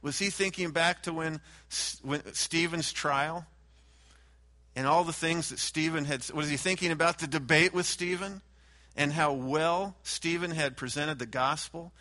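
Bright-voiced man preaching a sermon. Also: on the high side, fairly even intonation, a little slow. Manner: emphatic, raises voice on repeated names. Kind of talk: Bible teaching sermon.

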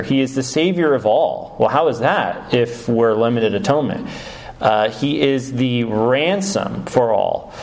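A man preaching a teaching sermon to his congregation, explaining points step by step and asking the listeners questions. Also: mid-range voice. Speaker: pastor.

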